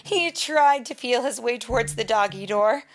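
Reading a children's storybook with lots of expression, a fairly high-pitched woman pauses dramatically and now and then puts a question to her young audience.

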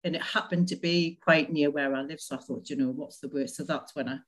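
A woman's voice: deep voice, fairly even intonation, fast talker. A woman telling her personal story in an interview, chatty, with frequent laughs and many fillers. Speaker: interview guest.

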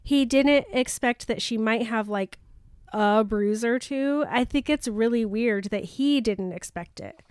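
A woman's voice: on the high side, unhurried, a little mellow, smooth, no echo. A woman co-hosting a podcast, chatty and opinionated in casual chat, laughing easily. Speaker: podcast co-host.

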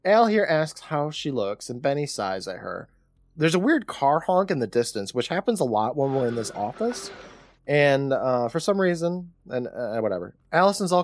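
Animated man recapping a horror episode. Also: mid-range voice, normal speed. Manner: chatty retelling with quoted lines. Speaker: podcast co-host.

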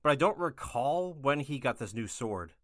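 A man co-hosting a podcast, recapping a cartoon episode in relaxed, dry conversation. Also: mid-range voice, normal speed, dry recording. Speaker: podcast co-host.

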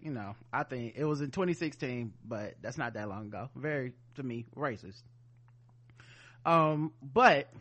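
A man hosting a podcast, talking casually in an animated, rambling way, full of asides and fillers. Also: medium pitch. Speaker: podcast host. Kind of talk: casual chat.

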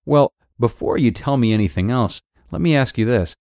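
A man hosting a podcast, calmly narrating a blog post in a measured way. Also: mid-range voice, no room sound, clean studio sound. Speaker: host.

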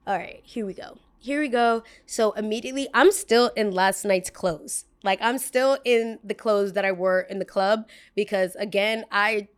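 A young woman telling a story in a casual, slangy, animated way. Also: mid-range voice, a little slow, few pauses. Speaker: podcast host.

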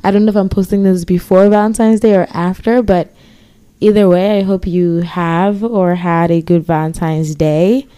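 A woman's voice: fairly low pitch, fairly even intonation, moderate pace, mellow, clean tone. A woman hosting a podcast, chatting casually in an easygoing, affectionate way and laughing often. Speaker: podcast host.

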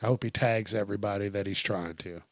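A man's voice: fairly low pitch, steady tone, quick pace, no room sound. A man hosting a podcast, riffing in a casual comedic monologue, swearing freely and laughing often. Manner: profane, laughs often, rambling storyteller. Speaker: podcast host.

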